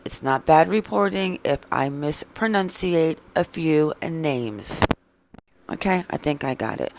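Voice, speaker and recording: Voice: mid-range voice, expressive, a little slow, gravelly, a little hiss or hum. A true crime vlog host reading out viewer comments in casual chat, with blunt, sarcastic replies. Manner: opinionated, chatty.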